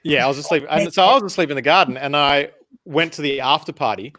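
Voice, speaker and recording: A man hosting a casual chat, telling self-deprecating stories with animated energy. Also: a little high, fast, no room sound. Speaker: host.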